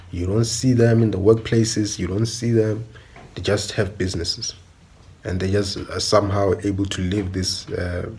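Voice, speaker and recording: A man's voice: deep voice, a little hiss or hum. A young man with a South African accent, giving an emphatic opinion monologue full of repetition and rhetorical questions.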